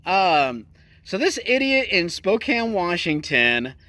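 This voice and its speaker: A man's voice: high voice, big pitch swings, takes it slowly, bright, forceful tone, a little hiss or hum. A male host doing casual, profane, sarcastic commentary on news clips.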